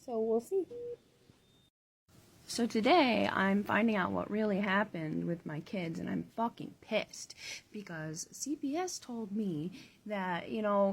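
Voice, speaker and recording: A woman in her thirties talks into her phone from a hospital room, casual and furious, swearing often as she vents. Her voice sits a little high and has a husky, breathy grain. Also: animated, moderate pace. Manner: angry and profane, venting. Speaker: vlogger. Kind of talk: casual vlog from a hospital bed. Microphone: phone camera.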